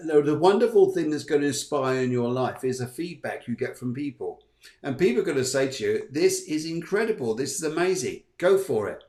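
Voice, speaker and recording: A man's voice: a little high, a little mellow. A man hosting a live online chat show as a medium, chatty and playful as he reads out viewer messages. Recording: echoey room.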